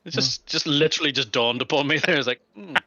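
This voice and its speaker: A man's voice: mid-range voice, fast, a crowd in the background. A man playing in a tabletop game, chatting casually and playfully. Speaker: player. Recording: dull lo-fi, dry sound.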